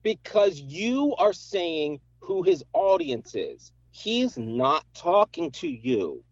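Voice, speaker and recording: A man's voice: high-pitched, huge pitch swings, takes it slowly, creaky, dry recording. A man calling in to a podcast by phone, debating casually and insisting on precise terms. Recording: dull lo-fi phone line.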